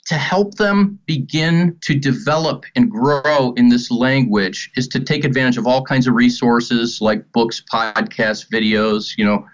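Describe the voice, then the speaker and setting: A middle-aged man speaking earnestly about faith, telling stories with animated, acted-out quotes. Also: mid-range voice. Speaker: ministry guest speaker. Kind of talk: earnest spoken teaching on faith. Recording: dull lo-fi sound.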